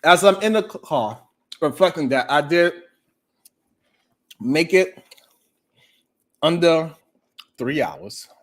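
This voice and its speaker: A man hosting a morning talk show, telling a story in a casual, animated way and swearing freely. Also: on the high side, slow, pauses often.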